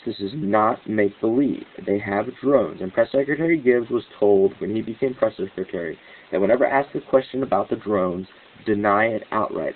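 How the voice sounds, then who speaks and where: A man giving a rambling, excitable commentary monologue as host of his own news channel, with restarts and cynical laughs. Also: lowish voice, a little hiss or hum. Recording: tinny phone-like line.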